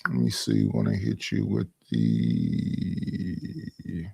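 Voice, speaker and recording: A man's voice: a bass voice, very animated, extremely slow, gravelly, a little mellow, slightly rough, dry recording, faint music behind. A man doing reaction commentary, teasing the caller in a drawl.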